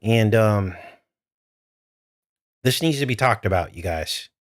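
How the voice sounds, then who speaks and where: A man's voice: on the low side, lively intonation, slow, dry recording, studio quality. A man hosting a live stream, talking straight to his viewers in an urgent, earnest way. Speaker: livestream host.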